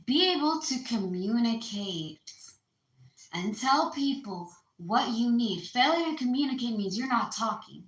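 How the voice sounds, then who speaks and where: A woman's voice: on the high side, animated, unhurried, roomy sound, poor audio. A woman giving a casual astrology card reading, chatty and slangy, calling her listeners baby. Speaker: tarot card reader.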